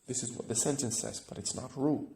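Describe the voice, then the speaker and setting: A man's voice: mid-range voice, steady tone, fast talker, vocal fry, dark tone, reverberant, a little hiss or hum. A man teaching an English grammar lesson, explaining step by step and often checking with "right?".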